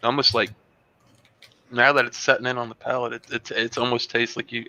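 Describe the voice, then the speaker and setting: A man hosting a casual online tasting show, describing a beer and a cheese in a relaxed, rambling way with plenty of fillers. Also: medium pitch, fairly quick, muffled recording. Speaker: host reviewing beer and cheese. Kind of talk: casual tasting review on a video call. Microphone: video call.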